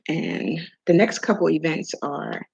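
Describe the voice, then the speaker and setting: Middle-aged woman from maryland just chatting, husky kinda gravelly voice, dull lo-fi sound. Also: low voice, lively intonation, measured pace, darkish tone. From Maryland, USA. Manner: chatty storyteller acting out dialogue. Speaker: host. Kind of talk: casual chat.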